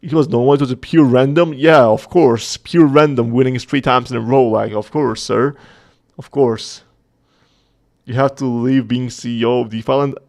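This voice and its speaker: Gravelly-voiced man chatting on a livestream. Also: medium pitch, steady tone, normal speed, a little mellow. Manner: chatty, joking, reading chat aloud. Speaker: host of a community livestream. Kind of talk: casual livestream chat.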